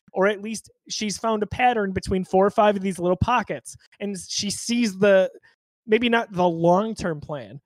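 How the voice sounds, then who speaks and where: A man hosting a podcast in casual chat, thoughtful and halting, with frequent restarts. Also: high-pitched, no room sound. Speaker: podcast host.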